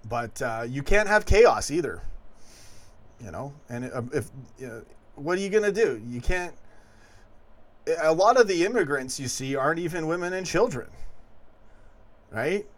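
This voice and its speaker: A man hosting a late-night fan livestream, rambling and animated as he reads viewer comments. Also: a little high, a little slow, pauses often. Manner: rambling, animated, chuckling asides. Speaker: host of a fan call-in show.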